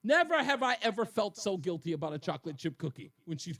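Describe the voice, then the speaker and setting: High-voiced joking radio host. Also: male voice, big pitch swings, fast, few pauses, a bit bright. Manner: joking, laughs often, self-deprecating. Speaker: radio talk show host. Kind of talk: casual call-in radio talk. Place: radio studio.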